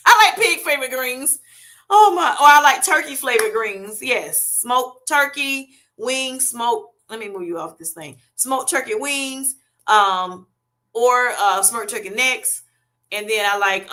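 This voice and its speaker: A woman's voice: medium pitch, bright, forceful tone. A woman, hosting a casual livestream, chatty and laughing often as she reads viewer comments aloud. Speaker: livestream host reading chat. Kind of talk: casual live chat.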